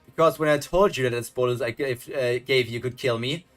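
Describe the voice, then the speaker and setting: An actor voicing a gloating male villain in an animated series dub, mocking his captives with sing-song taunts, over faint music. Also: mid-range voice, fairly quick, natural voice. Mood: taunting.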